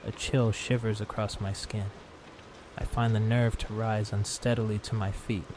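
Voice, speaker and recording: Brief: hushed male storyteller reading a scary tale for sleep, low register, rain pattering behind. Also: noisy background. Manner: calm, slow, hushed. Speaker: narrator. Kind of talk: calm sleep story narration. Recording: steady rain sound behind.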